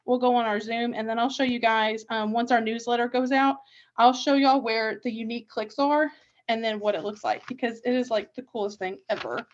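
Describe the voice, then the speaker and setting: A woman's voice: fairly high pitch, steady tone, brisk. A woman, leading her sales team in a casual, upbeat live stream full of fillers and asides. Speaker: direct sales team leader. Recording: dull lo-fi live stream audio.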